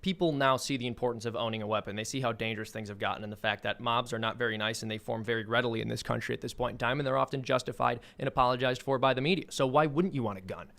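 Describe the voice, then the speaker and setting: A man joining a political talk show as a guest, answering with quick sarcastic quips. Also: medium pitch, steady tone, vocal fry, fairly bright tone. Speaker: guest commentator.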